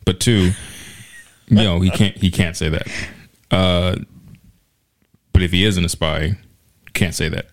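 A man's voice: low voice, steady tone, unhurried, pauses often, no echo. A man co-hosting a casual chat, laid-back and joking, often cutting in with short remarks.

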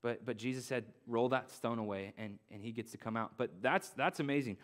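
A man's voice: medium pitch, brisk, few pauses. Young man preaching an earnest sermon. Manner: earnest, repeats key phrases, casual slang. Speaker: pastor.

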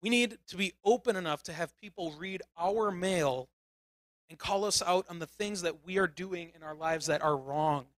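A man preaching a casual sermon, retelling the story in an animated way with emphatic bursts. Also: high voice, moderate pace, no room sound.

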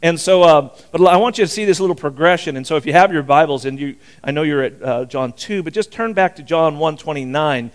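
A man's voice: fairly high pitch, a little fast, few pauses. An older man preaching a sermon as pastor, folksy and rambling, chuckling often as he talks.

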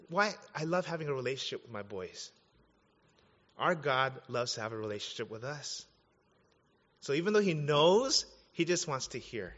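A man in his thirties, a pastor preaching an animated, conversational sermon with casual asides. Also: medium pitch, normal speed. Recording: dull sound, long hall reverb.

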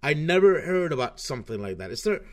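A man's voice: fairly high pitch, sing-song, quick pace, a little mellow. Profane, rambling young man ranting. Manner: profane, rambling, sarcastic, frequent restarts. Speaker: online commentary host. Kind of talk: ranting commentary over a screen recording.

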